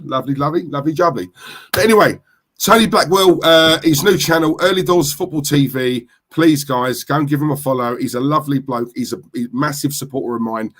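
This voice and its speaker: A man's voice: on the high side, a bit bright. A man with a London accent hosting a casual football live stream, chatty and full of slang as he greets viewers in the chat. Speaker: football livestream host.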